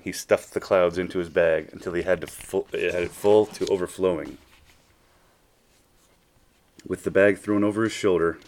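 A man reading a children's storybook aloud, unhurried and expressive, stretching out his phrases. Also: sits low.

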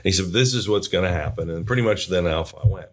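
A man's voice: low-pitched, fast. A man in his fifties from Minnesota, a guest in an interview, eagerly telling stories about his career and often repeating words as he goes. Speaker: guest, aerospace engineer. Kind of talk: storytelling interview.

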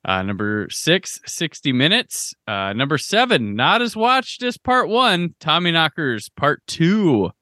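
A man's voice: fairly high pitch, big pitch swings, a little slow, few pauses, bright, forceful tone, no echo, studio quality. A man hosting a casual film podcast, laid-back and running through rankings. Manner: laid-back, rattles off ratings lists. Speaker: podcast host.

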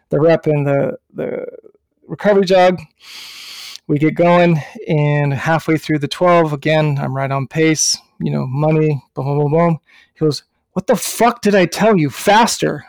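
A man co-hosting a podcast who tells a story in an animated, casual way, swearing and dropping punchy filler words. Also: on the high side, creaky, no echo. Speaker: podcast co-host and running coach.

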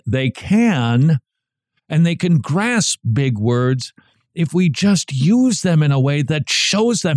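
A man hosting a talk radio show, speaking emphatically and sarcastically, with sudden jumps up in pitch for stress. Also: sing-song, takes it slowly, a little mellow, no echo, clean studio sound. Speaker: radio host.

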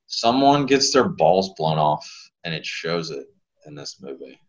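A man in his thirties with a very low voice chats as a podcast guest. He tells loose, rambling stories in a laid-back way. The audio is a bit dull and lo-fi. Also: big pitch swings, a little slow. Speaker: guest, pelvic health physical therapist. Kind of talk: casual podcast conversation.

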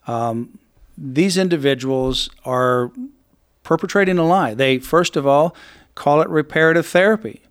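A man's voice: a little high, unhurried, smooth. A man hosting a radio talk show, speaking in an emphatic, indignant conversational way.

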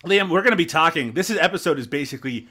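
A man's voice: a little high, animated, racing, pushed and bright. A man from Newfoundland hosting a podcast, teasing his co-host and laughing often in casual chat. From Newfoundland, Canada.

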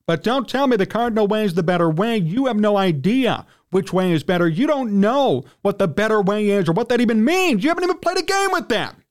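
High-pitched indignant man ranting on sports. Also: expressive, brisk, hardly any pauses. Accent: Chicago. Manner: indignant, ranting, pitch jumps when worked up. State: clearing his throat, worked up. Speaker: sports talk radio host. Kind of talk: heated sports talk rant.

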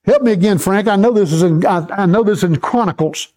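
A man preaching a sermon to a congregation, reading scripture slowly and having the listeners repeat verses back to him. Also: sits high, a little mellow.

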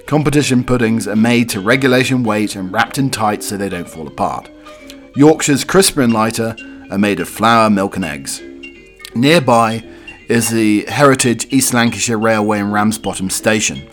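A man's voice: on the low side, moderate pace, fairly bright tone, faint music behind. A man with a cold hosting a podcast, reading odd news stories and drifting into rambling asides full of fillers. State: has a cold. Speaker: podcast host.

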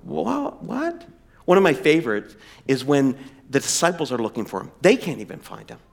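A middle-aged man preaching a sermon, emphatic and animated, slowing down for weight. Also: medium pitch, creaky. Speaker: pastor.

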